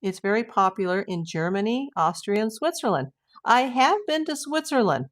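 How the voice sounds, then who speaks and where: With an expressive, mid-range voice, this older woman from the United States runs a laid-back livestream. She reads out messages from viewers, chats freely, and exclaims often, readily letting out a "wow."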